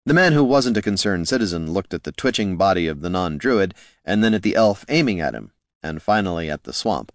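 A man reading a fantasy story aloud in a measured, wry narration. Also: sits low, very animated, dry recording, clean studio sound. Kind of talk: scripted audiobook narration.

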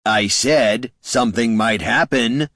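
A man's voice: medium pitch, slow pace, a bit bright, no room sound, studio quality, pitched above the performer's own voice. A man voicing a smug, talkative male bandit who speaks in a wordy, mock-polite way.

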